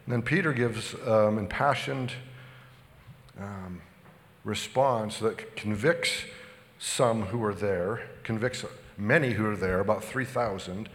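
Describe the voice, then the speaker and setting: Man, pastor preaching, a bit out of breath, loose and halting delivery, church reverb. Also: on the low side. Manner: relaxed, halting with many restarts. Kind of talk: sermon.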